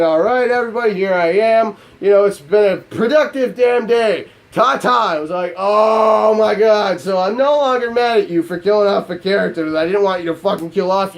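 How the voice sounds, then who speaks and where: A man ranting in an angry, profane and exasperated way, with self-mocking asides, as a gaming YouTuber. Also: sits high. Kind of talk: angry vlog rant.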